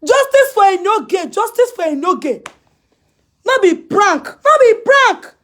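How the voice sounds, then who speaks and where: A woman with a Nigerian Pidgin English accent, ranting and scolding on a phone live stream, repeating herself emphatically and breaking into shouts. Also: very high voice, sing-song, moderate pace. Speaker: social media personality.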